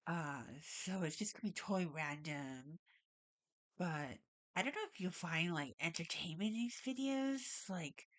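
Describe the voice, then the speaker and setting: Slow, low-voiced woman with a stuffy nose. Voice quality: stuffy nose, audible breathing. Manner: rambling, says "like" a lot. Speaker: vlogger. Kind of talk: casual talk to camera. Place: at home, alone.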